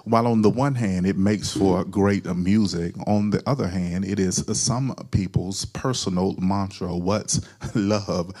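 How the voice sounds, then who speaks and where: Deep-voiced preacher with a flat delivery. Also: male voice, measured pace. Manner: preacherly call-and-response, repeating key phrases. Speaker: pastor. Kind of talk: sermon.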